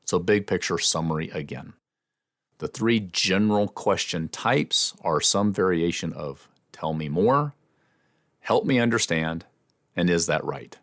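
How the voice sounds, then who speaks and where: A man hosting an instructional podcast, explaining in a measured way with small restarts. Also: sits low, lively intonation, no room sound, studio quality. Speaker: podcast host and communication trainer.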